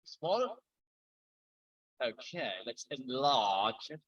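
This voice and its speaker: A man's voice: mid-range voice, big pitch swings, very slow, fairly bright tone, breathy edge, dull audio. A middle-aged man lecturing a university engineering class live, mixing explanation with chatty, joking asides.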